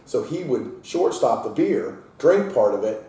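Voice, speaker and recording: A man's voice: medium pitch, sing-song, unhurried, dark tone. A man who owns a brewery tells stories in a casual interview and acts out the people he quotes in a raised voice. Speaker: brewery owner and head brewer. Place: inside his brewery taproom. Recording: echoey room, mic at a distance, faint hiss.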